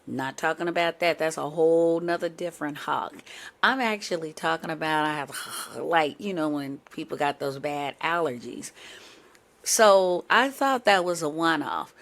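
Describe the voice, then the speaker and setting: A woman's voice: deep voice, normal speed, fairly bright tone. A woman hosting a podcast, telling a casual story full of asides and self-corrections. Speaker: podcast host. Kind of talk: casual chat.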